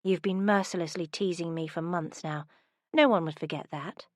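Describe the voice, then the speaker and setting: A woman voicing a bookish, sharp-tongued young woman who speaks in a wary, cutting way. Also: on the low side, normal speed, dry recording, lightly acted.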